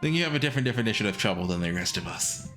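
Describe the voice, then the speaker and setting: A man reads a blunt café owner in a dropped, gruff voice, cutting people down with dry remarks. The delivery stays curt and unimpressed, over faint game music. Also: lowish voice, expressive, racing, fairly bright tone, pitched below the performer's own voice. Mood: dismissive. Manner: dry, dismissive put-downs. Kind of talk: reading game dialogue aloud.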